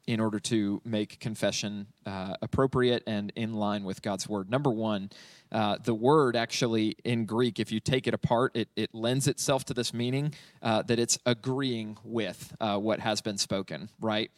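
With a fairly low-pitched voice recorded from a distance and no room sound, a male pastor delivers a teaching sermon on a psalm. He moves verse by verse, conversational and full of fillers, frequently checking in with "right?"

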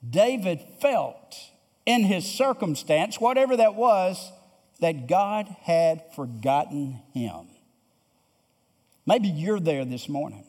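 A pastor preaching a sermon, earnest and emphatic, who repeats phrases and asks the congregation rhetorical questions. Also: male voice, fairly high pitch, very animated, slow, a little mellow. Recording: long hall reverb.

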